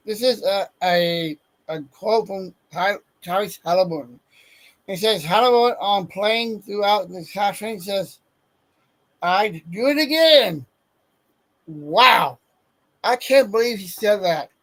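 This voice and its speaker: A man talks sports casually, working through a list of names at an unhurried pace. His voice sits high for a man. He trips over names, backs up and tries again. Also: rough recording. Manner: stumbles over player names, self-correcting; reading from a list. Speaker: sports podcast host.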